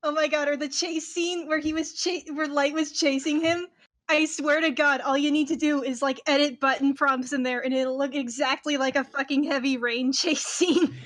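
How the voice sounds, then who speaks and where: A woman's voice: sits high, steady tone, normal speed, a bit bright. A woman co-hosting a podcast, chatting casually, swearing and laughing through her stories. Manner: laughing storyteller, swears freely. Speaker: podcast co-host. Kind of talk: casual chat.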